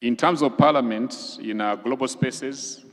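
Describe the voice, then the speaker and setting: A man from Uganda, a government official giving a formal, measured briefing to legislators and listing items one by one. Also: mid-range voice. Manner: measured, explanatory, lists items deliberately. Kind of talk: formal presentation. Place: large conference hall. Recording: long reverb of a large hall.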